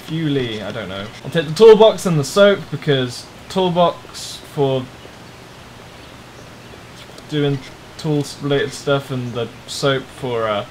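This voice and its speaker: A man's voice: mid-range voice, slight background noise. A man giving rambling, jokey let's play commentary on a driving game, swearing often. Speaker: gamer playing a driving game.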